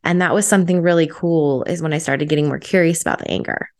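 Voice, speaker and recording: A woman's voice: sits low, fairly even intonation, fast talker, a little mellow. A young adult woman hosting her solo podcast, chatty and upbeat, with lots of "like" fillers. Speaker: podcast host.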